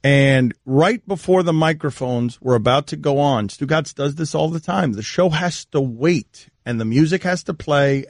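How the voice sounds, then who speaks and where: A man hosting a sports radio talk show, telling stories quickly and animatedly, laughing as he goes. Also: fairly high pitch, no room sound, studio quality. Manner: fast, animated storytelling with laughter. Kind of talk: casual sports radio banter. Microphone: studio microphone.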